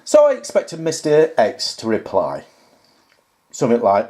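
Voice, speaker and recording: A man's voice: fairly low pitch, huge pitch swings, measured pace, warm tone. A man talking to camera as a YouTuber, reading viewer comments aloud and rebutting them point by point in a sarcastic, exasperated way. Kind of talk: casual talk to camera.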